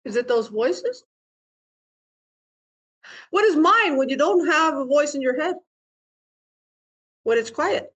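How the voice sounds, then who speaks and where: A woman's voice: high-pitched, animated, takes it slowly, pauses often, fairly bright tone. Playful woman teaching meditation. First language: Vietnamese. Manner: playful, laughs often, asks the audience questions. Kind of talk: dharma talk.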